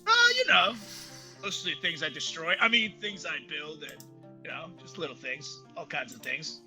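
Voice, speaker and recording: A man voicing a loud, excitable and goofy male adventurer with a slow, gravelly delivery. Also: fairly high pitch, faint music behind. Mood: evasive.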